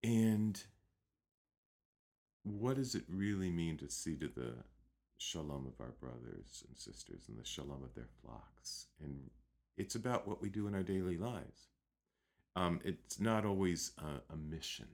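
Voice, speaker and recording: A man telling a story in a relaxed conversational way, with fillers and restarts. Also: sits low, unhurried, gravelly. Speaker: guest teacher.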